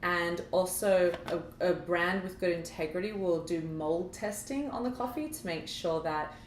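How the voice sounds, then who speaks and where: Speaking at a normal speed in a fairly low voice, this co-host chats animatedly and performs quoted lines of dialogue. The casual conversation is recorded in an echoey room with faint background noise.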